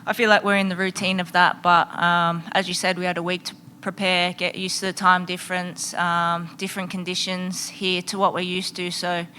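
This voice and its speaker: Give me a young female footballer talking to the press, relaxed, low-ish and fairly monotone. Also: normal speed, few pauses, a little hiss or hum. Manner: relaxed, filler-heavy. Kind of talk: press conference answers.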